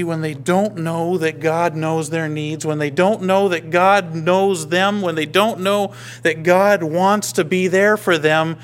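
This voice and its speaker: A male pastor preaching a sermon, emphatic, swinging between raised declarations and hushed whispers. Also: sits high, slight background noise.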